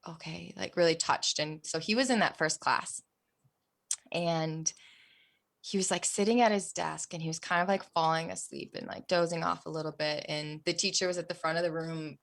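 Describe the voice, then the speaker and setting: Earnest, soft-spoken woman telling a story. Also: low voice, fairly even intonation, normal speed, creaky. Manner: earnest, emotional, softens to near-whispers at hard moments. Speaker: podcast guest. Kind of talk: personal storytelling.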